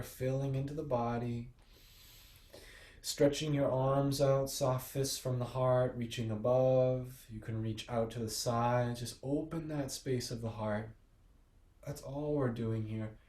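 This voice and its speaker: A man guides a yoga and meditation class in a slow, soothing, gently encouraging way. His voice is mellow and dark, with a level, unvaried lilt. The sound rings in a roomy, echoey space. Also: mid-range voice. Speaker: yoga teacher. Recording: echoey room.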